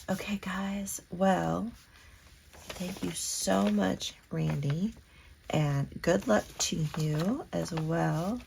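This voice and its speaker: A woman's voice: lowish voice, creaky, a little mellow, slight background noise. A woman from Kentucky, chatting casually and gushing as she hosts a crafting unboxing vlog. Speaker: crafting channel host.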